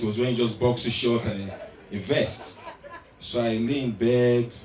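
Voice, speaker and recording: A man with a Nigerian accent telling a stand-up story, animated and getting loud on the punchlines. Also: medium pitch. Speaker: stand-up comedian. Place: large live venue stage. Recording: echoey hall, distant mic, loud crowd.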